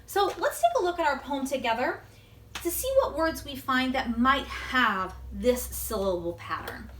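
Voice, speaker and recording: A woman teacher giving a video word-study lesson to young children, gently encouraging them and pausing for answers. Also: high-pitched, lively intonation, reverberant, a little hiss or hum.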